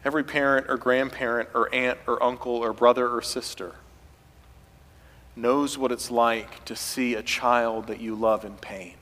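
A man preaching a sermon as pastor, building to loud, impassioned passages as he voices pleading figures. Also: mid-range voice, fairly even intonation, unhurried, big-room sound. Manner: preaching with rising intensity, voicing quoted pleas loudly.

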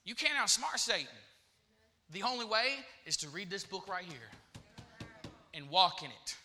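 A man's voice: sits high, very animated, moderate pace, bright, forceful tone. A man preaching a sermon in church, repeating phrases and calling out to the congregation.

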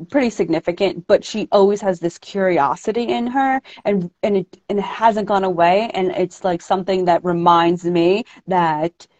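A woman from New York hosting a casual interview, animated and acting out quotes with big pitch jumps. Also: normal speed, few pauses, dull audio. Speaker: host.

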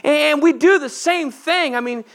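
A man's voice: very high-pitched, measured pace, fairly bright tone. A male pastor giving a sermon, earnest and conversational, often putting direct questions to the congregation.

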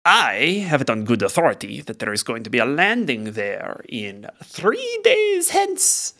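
A man voicing a genial, smooth-talking male bard in his late thirties who speaks in insinuating salesman patter. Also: medium pitch, huge pitch swings, a little slow, bright, forceful tone, full character voice. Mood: scheming.

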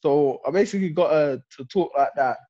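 A young man in a casual chat, expressive, slangy and quick to laugh. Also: fairly high pitch. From Jamaican heritage. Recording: dull lo-fi sound.

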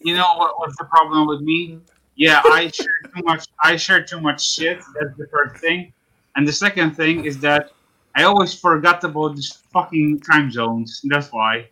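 Man, co-host, self-deprecating jokes, very bright tense tone, higher pitch. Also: steady tone, normal speed, rough recording. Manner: self-deprecating, loose joking. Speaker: podcast co-host. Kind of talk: casual podcast chat.

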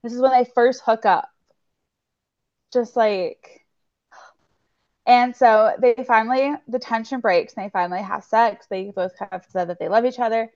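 A woman's voice: fairly high pitch, unhurried, long pauses, a little mellow. Chatty young woman on a dull lo-fi mic. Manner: chatty, enthusiastic, heavy use of "like". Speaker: podcast co-host. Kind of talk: casual book-club chat.

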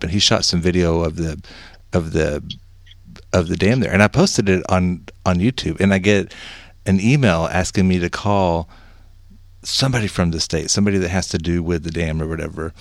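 A rambling, easygoing man with a very low voice, telling stories in a relaxed chat. He laughs often and circles back over his points. The sound is close and dry. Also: brisk, no room sound. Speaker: podcast host. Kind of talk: casual chat.

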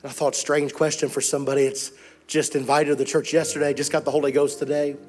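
A missionary preacher, a man with a notably high voice, tells his story in a sermon with building passion. Soft music plays quietly behind him. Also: flat delivery, fast talker. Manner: impassioned storytelling, rising to fervent preaching.

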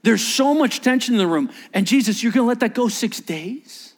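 A man preaching a sermon as a pastor, animated and acting out quotes in changing voices. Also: very high voice, normal speed.

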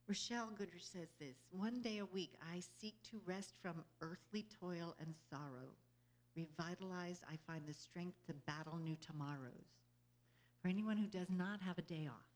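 Here a woman with a fairly low pitch speaks at a normal speed, offering an inspirational talk to a group. A spiritual speaker, she's earnest and conversational, often asking her listeners "you know?" and laughing readily between ideas.

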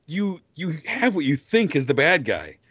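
A man's voice: fairly high pitch, sing-song, moderate pace, a bit bright. A man co-hosting a casual movie podcast, teasing his partner and playfully slipping into quoted voices. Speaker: podcast co-host. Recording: dry, dull lo-fi sound.

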